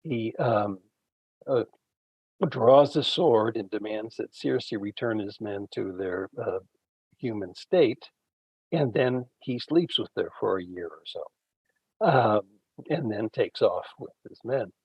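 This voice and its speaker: A man, a Bible scholar guest, retelling ancient stories in an unhurried conversational way with frequent fillers. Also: on the low side, slightly rough, no room sound, muffled recording. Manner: unhurried storytelling, frequent fillers, acts out quoted characters.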